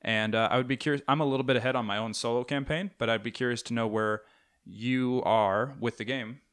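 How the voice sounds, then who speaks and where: This podcast co-host, a young man, talks at a brisk clip in a smooth, medium-pitched voice. He rambles through long stories in a lively, casual way, leaning heavily on filler words.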